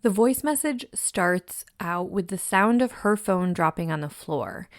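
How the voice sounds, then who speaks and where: A woman hosting a true crime podcast, narrating a case in a measured, somber way. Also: fairly low pitch, lively intonation, no echo, clean studio sound.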